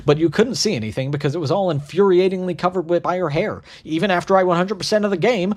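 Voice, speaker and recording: A man in his thirties telling a crude comedic story in a deadpan voice, tossing in sarcastic asides. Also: sits high, fast, hardly any pauses. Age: 30s. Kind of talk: comedic narrated monologue.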